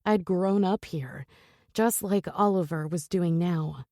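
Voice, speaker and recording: A woman narrating a romance audiobook in a soft, earnest manner. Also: on the low side, slow, dry recording, studio quality.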